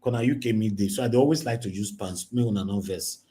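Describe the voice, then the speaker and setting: A man with a Nigerian accent hosting a casual news reaction stream, animated and mixing Pidgin with English, often asking "Eh?". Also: fairly low pitch, quick pace. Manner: animated, switches between Pidgin and English, exclaims "Eh?". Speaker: news commentary host.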